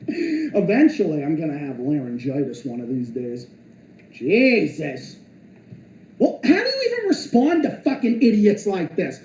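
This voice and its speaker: A man's voice: high-pitched, huge pitch swings, a little slow, a little mellow, echoey room, slight background noise, low-quality recording. A man streaming an angry, profane and sarcastic rant, sounding exasperated.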